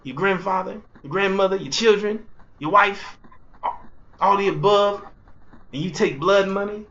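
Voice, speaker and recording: High-voiced man preaching in bursts. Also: normal speed, lo-fi sound. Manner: repetitive, rhetorical, keeps asking "you see"; swings between loud outbursts and low murmurs. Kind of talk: fiery street sermon.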